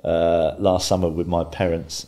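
A man in his fifties, a guest in an interview, calmly telling stories and laughing often. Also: low voice, measured pace. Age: 50s. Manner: calm, laughs often while telling anecdotes. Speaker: guest, former footballer and pundit. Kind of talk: casual interview storytelling.

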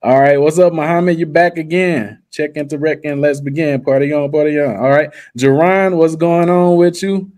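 On a livestream, a host walks viewers through his screen, hyping his technique in slangy salesman style and calling out to "guys" often. His voice is fairly high yet darkish, steady in tone, at normal speed with few breaks.

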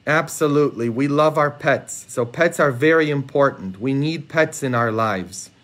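A man's voice: medium pitch, moderate pace, a bit bright. A man, a priest, giving a chatty homily on a live stream, playfully talking straight to viewers and laughing at his own jokes. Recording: live social media stream.

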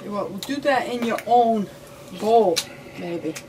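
A woman's voice: on the high side, slow, a little mellow, a little hiss or hum. A woman, chatting casually and teasing in a home kitchen as she tastes the soup. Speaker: host's partner tasting the food.

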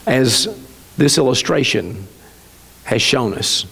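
A man preaching a sermon, reading a satirical parable aloud and slowing down for emphasis. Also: mid-range voice, lively intonation, creaky, fairly bright tone, husky. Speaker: pastor. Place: church sanctuary. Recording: long hall reverb.

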